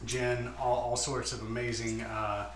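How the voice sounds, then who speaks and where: A winemaker explaining his wines in a casual tasting chat, often pausing with "uh". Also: medium pitch, flat delivery, a little hiss or hum. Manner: explanatory, many "uh" fillers. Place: winery. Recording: echoey room.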